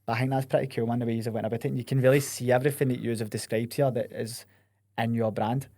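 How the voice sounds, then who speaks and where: A man's voice: medium pitch, little pitch movement, fast, warm tone. A young Scottish man hosting a podcast, chatting casually, swearing and laughing often. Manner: laughs often, swears, says "mate" a lot. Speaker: podcast host. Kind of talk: casual chat.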